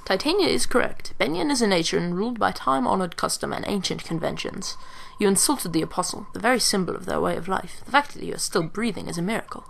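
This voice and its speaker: Brief: cool calculating young male strategist, measured delivery, voiced by a woman. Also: medium pitch, expressive, creaky, fairly bright tone, a little hiss or hum. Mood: cold. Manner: measured, lecturing.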